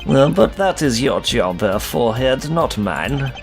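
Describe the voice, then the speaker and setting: A man's voice: mid-range voice, sing-song, a little slow, soft background music. A man voicing a smug young male prosecutor with a put-on German accent, formal and teasing.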